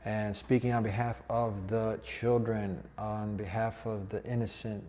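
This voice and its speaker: A man's voice: on the low side, flat delivery, measured pace, a little mellow. A man hosting a talk show, reading news reports and commenting in an earnest, preaching tone. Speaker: host.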